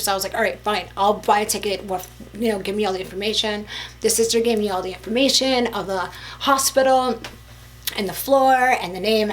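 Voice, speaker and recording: A woman's voice: mid-range voice, a little hiss or hum, rough recording. Chatty woman telling a storytime vlog. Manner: chatty, lots of "like" and "you know", animated retelling. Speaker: vlogger. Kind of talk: casual storytime chat.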